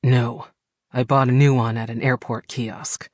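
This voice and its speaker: Casting: a male narrator reading a tired, raspy, fed-up traveler on a bad phone line, dry studio sound. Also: mid-range voice, level tone, measured pace, a little mellow, no room sound, close to an everyday voice. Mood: weary. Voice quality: raspy from hours of talking. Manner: weary, clipped phone talk. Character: exhausted, irritated man stranded at an airport. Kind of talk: audiobook character voice.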